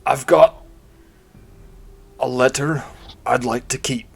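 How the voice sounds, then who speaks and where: A man's voice: medium pitch, fairly even intonation, slow pace, gravelly, breathy edge, exaggerated voice. A man voicing a burly bearded male duergar who speaks in a grudging, plainspoken way in a tabletop game.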